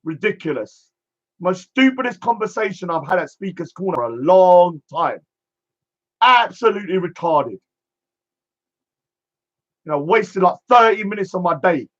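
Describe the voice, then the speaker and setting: A man's voice: high-pitched, expressive, moderate pace, pauses often, muffled recording. A man delivering a scornful, emphatic rant, drumming home one catchphrase again and again. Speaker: streamer. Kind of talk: ranting monologue.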